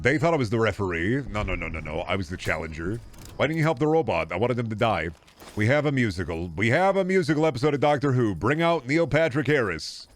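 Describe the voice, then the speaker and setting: A man's voice: low-pitched, a little hiss or hum. A man chatting casually and swearing freely as he streams a game, rambling from one joke to the next. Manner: rambling, profane, jokey.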